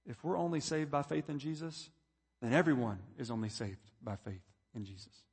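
A man's voice: medium pitch, moderate pace, gravelly, a little mellow, breathy edge. Preaching man in a reverberant hall. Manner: preaching, reading scripture aloud with rising emphasis. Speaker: pastor. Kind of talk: sermon.

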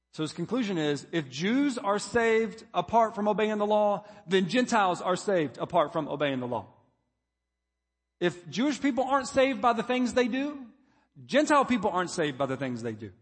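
A man's voice: high voice, expressive, moderate pace, in a large hall. A man preaching a sermon, building to emphatic points as he reads scripture. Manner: preaching, reading scripture aloud with rising emphasis. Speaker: pastor.

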